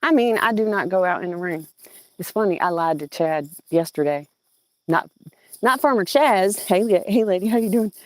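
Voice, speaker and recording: A woman's voice: mid-range voice, moderate pace, no echo. Chatty Southern woman in a garden. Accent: Southern American. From southeastern Virginia. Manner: chatty and animated, cooing at plants and greeting viewers. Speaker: gardening vlogger. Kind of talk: casual live-stream chat. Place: outdoor home garden. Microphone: old phone.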